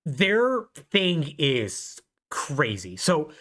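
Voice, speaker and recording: Speaking extremely slowly, a man with a higher-pitched voice co-hosts a podcast and casually retells a story. His storytelling is animated, with jokes and his own laughter mixed in.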